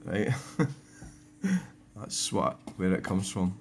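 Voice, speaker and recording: A man's voice: low voice, sing-song, extremely slow, gravelly, darkish tone, a little hiss or hum. A man, a vlogger rambling wryly through casual commentary about his own channel. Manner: rambling, wry, digressive.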